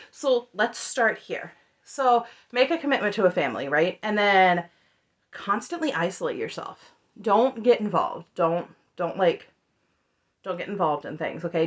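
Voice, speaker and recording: A woman in her thirties delivers an opinionated TV recap with a lively voice that swoops up and down. She sounds sarcastic and exasperated, and she laughs often as she talks. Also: medium pitch, moderate pace, lo-fi sound. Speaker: reality TV recap YouTuber.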